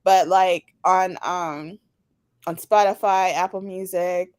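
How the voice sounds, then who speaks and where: A woman's voice: lowish voice, fairly even intonation, slow pace, smooth, dry recording, clean studio sound. A woman co-hosting a podcast in casual chat, talking with lots of fillers and laughs. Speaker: podcast co-host.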